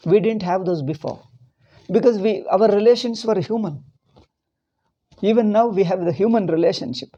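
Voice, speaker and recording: Middle-aged Indian spiritual teacher, warm and husky, preaching with restarts and heat. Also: male voice, high voice, low-quality recording. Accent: Indian English. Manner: rambling and impassioned, with many restarts. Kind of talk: religious discourse.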